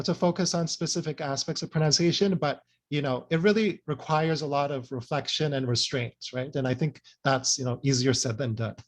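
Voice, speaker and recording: A man giving an academic presentation, earnest and loose, with many fillers and frequent "right?" checks. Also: on the high side. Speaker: speaker presenting a talk.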